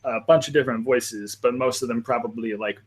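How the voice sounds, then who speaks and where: A man's voice: mid-range voice, steady tone, fairly quick. Chatty man hosting a panel. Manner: rambling, friendly, lots of fillers. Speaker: panel host. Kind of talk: casual live panel discussion.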